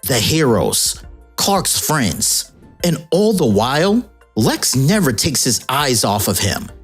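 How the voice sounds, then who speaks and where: A woman's voice: very deep voice, sing-song, slow pace, breathy edge, faint music behind. A woman narrating a comic storyline in a playful, jokey, casual storytelling way.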